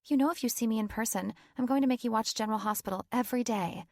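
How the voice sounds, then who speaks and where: A woman's voice: a little high, fast talker, no room sound, clean studio sound, pitched above the performer's own voice. A woman narrator voicing a brash, pushy young woman friend who teases and demands answers over the phone. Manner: pushy, loud, teasing.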